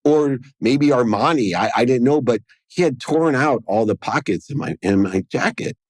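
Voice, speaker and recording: A man's voice: medium pitch, lively intonation, moderate pace, no echo. A man as a podcast guest, telling a personal story in an earnest way and acting out the dialogue within it. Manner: earnest, acts out quoted dialogue in his story.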